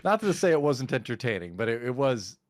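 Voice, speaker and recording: A man co-hosting a podcast, chatting casually about a movie with sarcasm and animated delivery. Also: mid-range voice, brisk, dry recording. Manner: animated, sarcastic, acts out quotes in mocking voices. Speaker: podcast co-host. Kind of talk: casual movie review chat.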